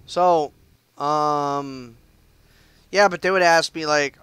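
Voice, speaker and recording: A man's voice: on the high side, steady tone, slow pace, long pauses, a bit bright, clean tone, no room sound. A young man chatting loosely through live gameplay commentary, with lots of fillers and restarts. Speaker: game streamer.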